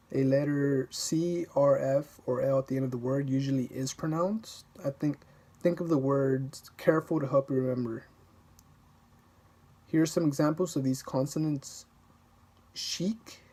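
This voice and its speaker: A man's voice: medium pitch, mellow, slightly rough. A man reading a language textbook aloud for self-study, repeating words over and over to practice them and often stumbling and restarting his sentences.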